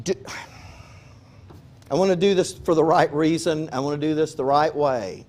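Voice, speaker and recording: High-voiced folksy preacher man. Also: moderate pace. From Texas. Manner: folksy, animated, acts out quoted prayers. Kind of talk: conversational sermon.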